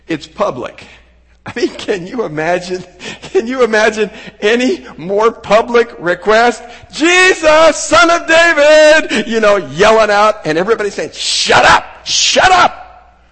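Middle-aged preacher guy, kinda husky, swings his pitch all over, big church reverb. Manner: animated, folksy, acts out quotes with sudden shouts. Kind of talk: sermon. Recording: long hall reverb.

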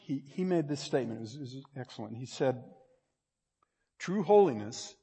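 A man preaching a sermon in a conversational way, repeating himself and building to loud, emphatic peaks. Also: mid-range voice, breathy edge. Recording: long reverb of a large hall.

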